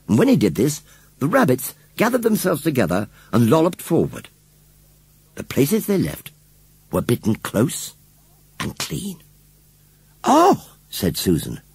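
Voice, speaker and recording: Husky, highly animated storybook narrator, male. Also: no echo. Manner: expressive storytelling, sinking softly for hushed moments. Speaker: audiobook narrator.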